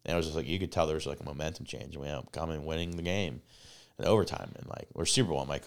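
A man co-hosting a casual podcast, telling a rambling, excitable story full of swearing and filler words. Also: rumbling low, very fast, vocal fry. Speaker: podcast co-host. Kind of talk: casual chat.

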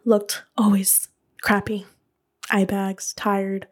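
A woman hosting a podcast, telling her own story in a casual, animated way. She fills her talk with "like", laughs often and swears freely. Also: medium pitch, slow. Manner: chatty and animated, many "like" fillers, laughs. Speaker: podcast host and beauty business owner.

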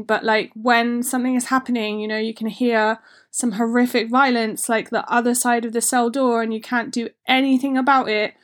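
A woman giving an informal workshop talk in a chatty, frank way, with loose run-on phrasing. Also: on the high side. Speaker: workshop speaker.

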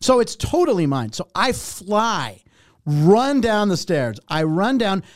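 Middle-aged guy spinning a story, swears a lot, high pitched, bouncy, keeps doing the other people's lines. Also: slow, no echo, clean studio sound. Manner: animated, profane, acts out quotes. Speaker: warm-up comedian telling a story. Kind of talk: casual storytelling chat.

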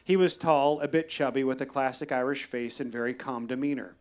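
A man telling a wry, deadpan personal story at a live storytelling show. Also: mid-range voice, a little fast, smooth. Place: live venue.

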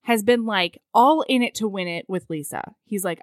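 Animated woman with a dry sound. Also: medium pitch, moderate pace, few pauses, dry recording. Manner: animated, swears freely, laughs often. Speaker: podcast co-host recapping a novel. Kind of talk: casual chat.

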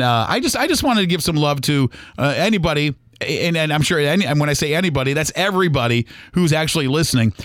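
A man's voice: fairly high pitch, no echo, studio quality. A middle-aged man hosting a podcast, talking in a casual personal monologue that rambles with many restarts. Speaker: podcast host.

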